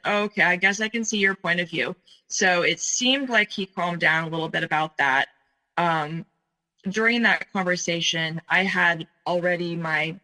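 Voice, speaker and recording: Halting middle-aged woman recounting her story. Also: lowish voice, pushed and bright, rough recording. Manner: halting, many fillers and pauses. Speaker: guest telling her story. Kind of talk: personal storytelling.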